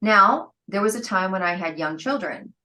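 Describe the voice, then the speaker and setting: A middle-aged woman, a guest entrepreneur, telling stories in an interview, lively and laughing, acting out the people she quotes. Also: medium pitch, moderate pace, poor audio. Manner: lively, acts out quoted dialogue, laughs often. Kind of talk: storytelling interview talk.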